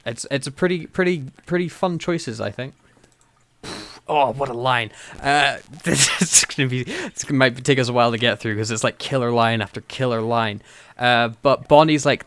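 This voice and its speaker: A man's voice: mid-range voice, moderate pace, fairly bright tone, clean tone, no echo. A man co-hosting a casual podcast chat, enthusiastic, laughing often and acting out quotes in character. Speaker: podcast co-host.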